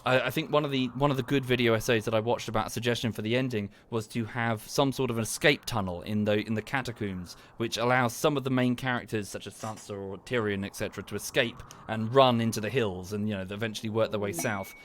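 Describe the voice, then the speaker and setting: A man's voice: on the low side, fast, few pauses. Rambling man ranting on stream. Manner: rambling, heated, swears, trails off and restarts. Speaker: livestreamer. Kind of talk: casual livestream rant. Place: home streaming setup.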